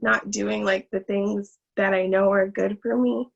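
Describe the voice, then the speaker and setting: Woman on a video call, a bit nervous, slight lisp from braces, gravelly husky voice, dull muffled audio. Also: mid-range voice, little pitch movement, a little slow. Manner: nervous, hesitant, many ums. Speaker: participant on coaching call.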